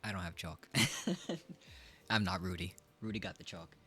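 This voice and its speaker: A man's voice: sits low, fairly even intonation, unhurried, a bit bright. A man in his twenties chatting casually on a live stream, playful and joking at his own expense. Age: 20s. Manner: playful, joking, self-mocking. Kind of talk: casual chat.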